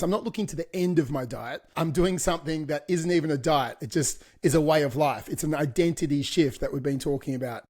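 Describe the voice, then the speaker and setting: A middle-aged man co-hosting a fitness podcast, sounding blunt and motivational. His voice sits a little high for a man, and he swears casually as he pushes listeners to act. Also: darkish tone. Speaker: podcast co-host.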